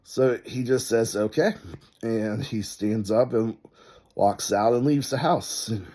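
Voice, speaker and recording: A man's voice: fairly low pitch, slow pace, dark tone. A man telling a story in casual commentary, rambling, with lots of "like" and "uh". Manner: rambling, full of "like" and "uh".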